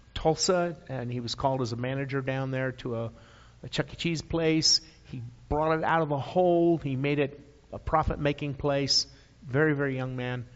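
A man's voice: medium pitch, vocal fry. Older male preacher, emphatic and folksy. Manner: emphatic, repeats key phrases, folksy asides. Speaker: guest preacher. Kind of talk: sermon. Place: church sanctuary. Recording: dull audio with long hall reverb.

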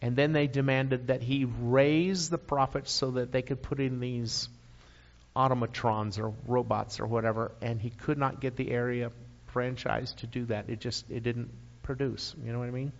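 A man's voice: mid-range voice, steady tone, moderate pace. An older man preaching a sermon in a church, emphatic, repeating key phrases with folksy asides. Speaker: guest preacher. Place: church sanctuary. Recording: dull audio with long hall reverb.

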